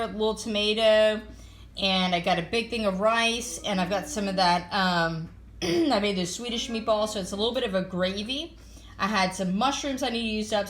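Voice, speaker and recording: Here is a woman filming her own home cooking vlog. Her voice is bright and clear, and she rambles in a relaxed way with plenty of "um" and "so". She sounds chatty and easygoing throughout. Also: medium pitch, slight background noise. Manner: chatty, easygoing, lots of fillers. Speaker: family vlogger. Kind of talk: casual cooking vlog chat. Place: home, partly outdoors.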